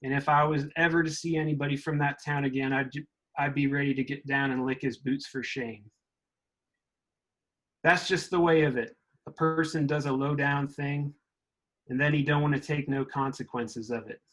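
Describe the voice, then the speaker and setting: A man's voice: mid-range voice, fairly even intonation, moderate pace, a bit bright, close to an everyday voice, rough recording. A man reading aloud as a young Southern boy wrestling with his conscience, in a mid-Southern US accent, with plain, earnest storytelling. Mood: troubled.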